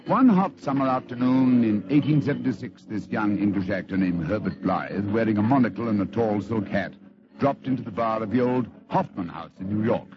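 A man's voice: on the low side, fairly quick. A man telling a story in scripted radio narration, dramatic and theatrical, on a lo-fi old radio recording.

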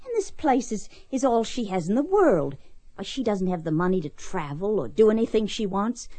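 An actress playing an earnest young woman with a conscience, speaking in an emotional, expressive way in a soap opera. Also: mid-range voice, normal speed, no room sound. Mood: troubled.

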